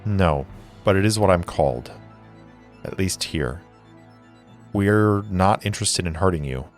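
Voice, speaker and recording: A man voicing a calm, guarded female spacefarer in a tabletop game, speaking in a measured way. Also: low-pitched, soft background music. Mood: earnest.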